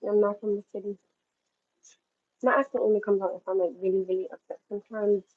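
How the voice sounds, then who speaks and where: A woman's voice: medium pitch, level tone, fast, husky, narrow, tinny audio. A woman from New York chatting casually to her livestream viewers while cooking at home, rambling and talking straight to them. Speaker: livestream host.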